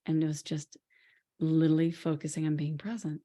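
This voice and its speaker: Animated woman telling stories on a podcast. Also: lowish voice, moderate pace. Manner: animated, laughing storyteller. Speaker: podcast co-host. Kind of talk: casual conversation.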